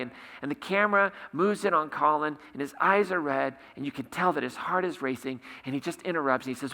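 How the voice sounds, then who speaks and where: A man's voice: on the high side, fairly quick, few pauses, sharp tone. A male pastor preaching a sermon, retelling scenes with hesitant restarts. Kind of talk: sermon storytelling. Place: church sanctuary. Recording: reverberant church hall.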